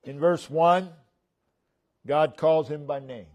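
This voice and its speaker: Slow, deliberate preaching man. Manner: slow, deliberate preaching, dropping low and soft at phrase ends, rising for emphasis. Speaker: pastor. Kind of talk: sermon. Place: church sanctuary.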